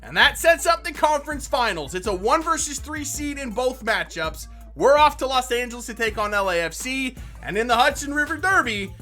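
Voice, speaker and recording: Animated, bright-voiced man commentating gameplay. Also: high voice. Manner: excitable, shouts at goals and bad calls; frustrated muttering between outbursts. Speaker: gaming YouTuber.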